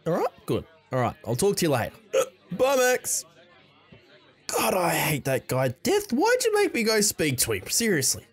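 A woman hosting gameplay commentary with comic skits, chatty and excitable with plenty of slang. Her voice sits on the lower side and rises and falls in lively swings. Faint music runs underneath. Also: brisk, hardly any pauses, slightly rough. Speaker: gaming channel host.

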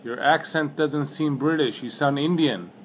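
Deadpan man grilling a caller. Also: a little high, a little slow, slight background noise. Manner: probing, deadpan questioning. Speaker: call recipient baiting a scammer. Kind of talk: prank phone call.

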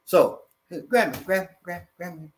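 A man with a notably high speaking voice runs a hands-on self-defense demonstration. He jokes as he goes and often repeats words while showing the moves. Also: moderate pace, a little hiss or hum. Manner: animated, jokey, repeats words.

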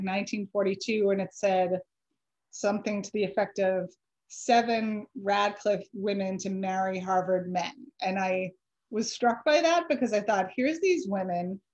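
Woman author chatting through her slides, lots of ums, voice kinda dry, dull lo-fi sound, mid pitch. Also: darkish tone. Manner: chatty, self-correcting, frequent ums. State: dry voice from allergies. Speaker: author giving a library talk. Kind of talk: informal presentation with slides.

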